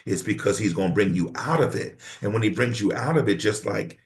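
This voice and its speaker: Gravelly-voiced pastor preaching in conversation. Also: male voice, lowish voice, animated, fairly quick. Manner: emphatic, preacherly cadence. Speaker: pastor, podcast guest.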